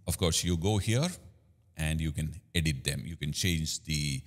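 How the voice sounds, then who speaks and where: A man's voice: extremely low pitch, a little slow. A man hosting a product demo tutorial, explaining features with many fillers. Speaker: host. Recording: room with long reverb.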